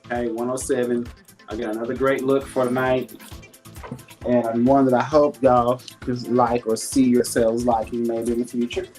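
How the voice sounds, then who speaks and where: Chatty male live-stream seller, laughs a lot, churchy warmth, faint music behind. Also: mid-range voice, flat delivery, normal speed. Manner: chatty, laughs often, reads viewer comments aloud; warm and churchy, talks faith. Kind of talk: casual live sales stream.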